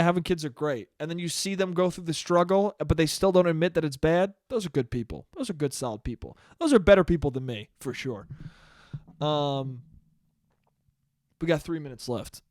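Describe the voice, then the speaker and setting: A man's voice: fairly high pitch, dry recording, studio quality. A man in his twenties hosting a casual solo podcast, rambling through stories, swearing freely and laughing at his own jokes. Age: 20s. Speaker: podcast host.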